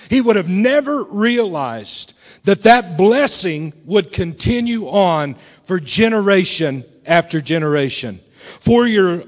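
Folksy preacher man in a reverberant hall. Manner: folksy and animated, swings between loud bursts and low, quiet lines. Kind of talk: storytelling sermon. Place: church sanctuary. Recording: long reverb of a large hall.

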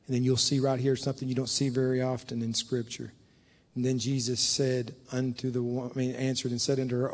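A man preaching a sermon in a church, moving between hushed, low passages and loud, fervent stretches. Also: flat delivery, moderate pace, husky. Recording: long hall reverb.

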